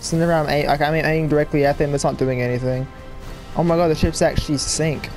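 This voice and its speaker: Hyped young guy narrating his gameplay, kinda high voice, game music going faint underneath. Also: fast. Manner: excitable, rambling, talks to viewers while playing. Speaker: gaming YouTuber. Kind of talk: casual let's-play commentary. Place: home room, people audible outside.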